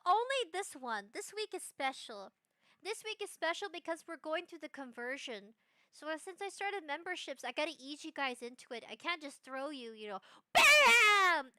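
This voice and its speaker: A young woman streaming live, chatting in a rambling, bubbly way with bursts of excited squeals. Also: sits high, no echo, clean studio sound. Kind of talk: casual live-stream chat.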